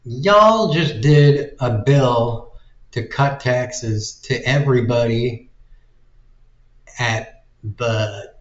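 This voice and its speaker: Slow, profane man ranting in a roomy space. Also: medium pitch. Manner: profane, sarcastic, exasperated. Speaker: video commentator. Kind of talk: casual ranting commentary. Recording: roomy, slightly dull recording.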